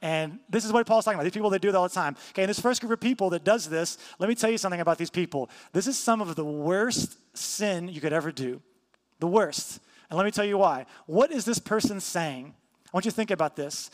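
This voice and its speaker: A man's voice: high-pitched, fast, in a large hall. A man preaching a sermon as pastor, teaching emphatically, repeating key points and asking rhetorical questions.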